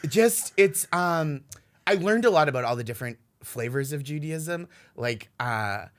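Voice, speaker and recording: Bright-voiced joking man. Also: on the high side. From Boston area, USA. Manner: joking, animated, quick to laugh. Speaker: comedian guest. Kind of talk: casual podcast chat.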